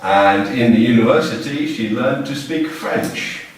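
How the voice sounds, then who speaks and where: A man in his sixties with an English accent, teaching a class in simple, slow phrases and often checking that students follow. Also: medium pitch. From England. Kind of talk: classroom lesson. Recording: echoey classroom, mic far off.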